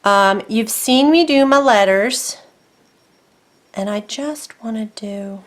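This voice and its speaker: A woman's voice: fairly high pitch, takes it slowly. A woman narrating a casual craft tutorial from her desk at home, chatty and self-deprecating, thinking aloud as she works.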